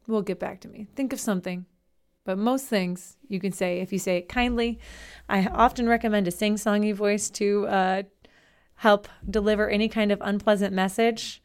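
A young adult woman hosting a solo podcast, giving parenting advice in a gentle, encouraging, conversational way with frequent rhetorical questions. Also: fairly high pitch. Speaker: podcast host, nanny and school educator.

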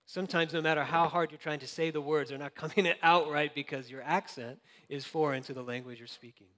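A man's voice: a little high, steady tone, a little fast, fairly bright tone, long reverb tail. A young adult man preaching a sermon, earnest and conversational with light laughs. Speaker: pastor.

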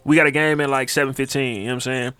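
A man's voice: medium pitch, flat delivery, rapid-fire, sharp tone, soft background music. A man in his thirties, a podcast co-host, telling laid-back, slangy stories in casual chat. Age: 30s.

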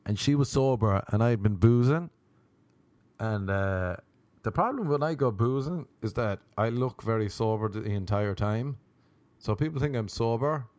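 A young man doing a rambling, profane comedic monologue as a comedian, slipping into quick impressions. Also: lowish voice, a little mellow, no echo.

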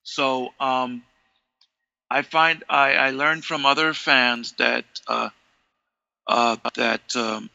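Gravelly, bright-voiced man telling a story. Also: medium pitch, slow, pauses often, dry recording, muffled recording. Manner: animated, acts out quoted dialogue, many restarts. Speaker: interview guest, longtime fan. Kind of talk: conversational storytelling.

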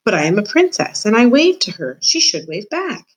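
A woman reading a storybook aloud, voicing a spoiled young princess with a bright, sing-song voice. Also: mid-range voice, big pitch swings, normal speed, rough recording. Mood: haughty.

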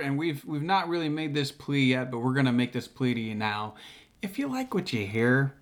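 A man co-hosting a podcast, talking in a casual, upbeat way. His voice sits at a middling pitch, and he speaks in a loose chat style while addressing listeners. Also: a bit bright. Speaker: podcast co-host.

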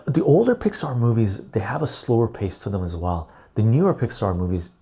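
A man hosting a casual live stream, reading viewer messages aloud and answering them in a relaxed, rambling way. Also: on the low side, fairly quick, breathy edge. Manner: relaxed and rambling, with frequent fillers.

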